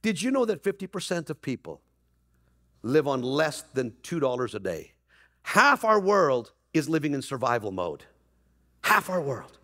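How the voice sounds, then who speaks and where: A man preaching a Christmas Eve sermon as pastor, energetic and rising to near-shouts, with playful asides to the congregation. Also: fairly high pitch, normal speed, no echo, studio quality. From Canada. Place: church hall.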